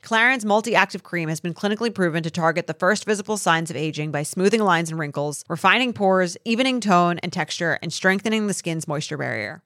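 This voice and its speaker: A woman's voice: a bit bright, no room sound, studio quality. Upbeat woman host reading an ad. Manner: upbeat, enthusiastic pitch. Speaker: podcast host. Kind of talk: host-read ad.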